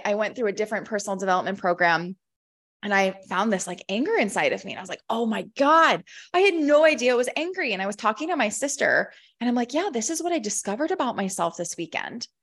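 A woman in her thirties with a fairly high voice talks as a motivational coach. She speaks with emphatic passion and swears freely. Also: fairly bright tone. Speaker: women's empowerment coach. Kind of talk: motivational podcast monologue.

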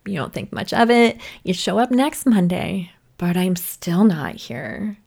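A woman hosts her own podcast and talks alone into the mic in a loose, chatty way. She takes her time, with an unhurried pace, and is playful and dramatic with casual swearing. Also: mid-range voice, expressive, creaky, darkish tone, slightly rough. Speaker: podcast host. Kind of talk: casual solo podcast chat. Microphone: podcast microphone.

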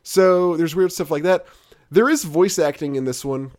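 A man's voice: a little high, moderate pace, a little mellow. A man hosting a casual chat, rambling and swearing freely with many restarts. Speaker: podcast host.

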